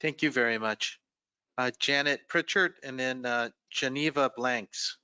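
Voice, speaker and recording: Chair calling names, slow, smooth crisp voice, dry. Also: male voice, medium pitch, pushed and bright, no room sound. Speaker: committee chair. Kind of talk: chairing a public hearing.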